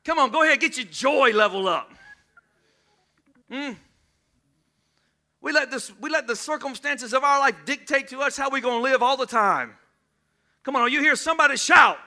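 Preaching a humorous sermon to his church, this man occasionally shouts and invites responses from the congregation. He speaks at a moderate pace in a very high-pitched voice.

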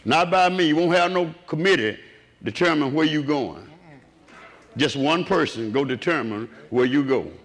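A man preaching a fervent sermon. His voice sits on the high side for a man, and his pitch leaps around a great deal as he drops to a near-murmur, then climbs to ringing exclamations. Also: lively intonation, moderate pace, fairly bright tone. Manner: impassioned call-and-response preaching, swinging from low murmurs to raised cries.

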